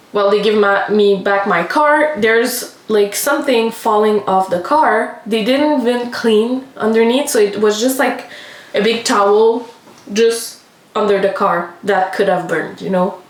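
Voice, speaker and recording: Chatty young woman in an echoey room. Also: mid-range voice. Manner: chatty, swears freely, lots of "like". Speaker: beauty vlogger. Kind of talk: casual storytelling while doing makeup. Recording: roomy echo.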